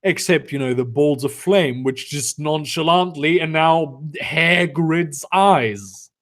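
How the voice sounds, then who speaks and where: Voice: medium pitch, takes it slowly, a bit bright. A comedic reader doing a dramatic reading with sarcastic, exasperated commentary, swearing often.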